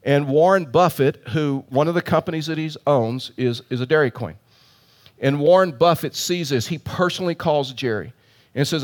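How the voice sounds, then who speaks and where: A man's voice: on the high side, a little fast. A middle-aged male pastor preaching an earnest sermon, telling a story with emphatic repeated phrases.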